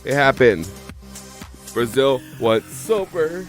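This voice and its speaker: A man's voice: mid-range voice, measured pace, soft background music. A man streaming live, emotional and teary from crying, rambling as he reads out follower names. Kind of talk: live watch-along reaction stream.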